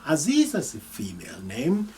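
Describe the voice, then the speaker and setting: Fairly high in pitch with huge swings and a mellow quality, a man's voice leads a recorded Arabic lesson, picked up from a distance. He patiently repeats every phrase with its translation, reading sample lines slowly so the pronunciation comes through.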